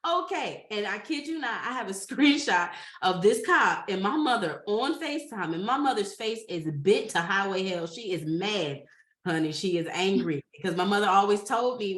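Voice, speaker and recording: A woman guest on a podcast, telling a story in a lively, dramatic way and laughing often. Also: mid-range voice, normal speed. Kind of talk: animated storytelling. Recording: roomy echo.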